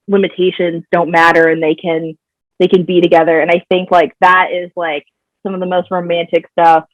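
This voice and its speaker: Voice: medium pitch, no echo. Chatty guest on slightly dull audio. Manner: chatty, laughs often, many fillers. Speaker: podcast guest. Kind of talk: casual film chat.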